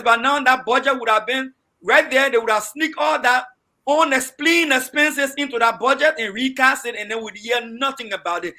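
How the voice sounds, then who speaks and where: Emotional Liberian man, high bright voice. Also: normal speed. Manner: emotional, repeats words, rises to shouting. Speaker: debate panelist. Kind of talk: heated panel debate.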